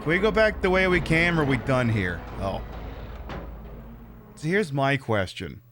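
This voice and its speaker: A man's voice: mid-range voice, expressive, unhurried, noisy background. Sarcastic, swearing game streamer, man. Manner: sarcastic, profane, rambling jokes. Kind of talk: casual gameplay commentary.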